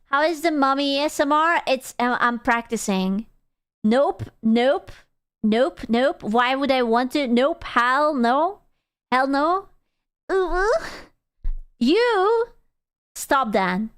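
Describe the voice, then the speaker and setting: A woman's voice: high voice, animated, slow, a bit bright, no echo, clean studio sound. A young adult woman streaming live, chatting casually with viewers in crude, teasing banter and bursts of playful squealing.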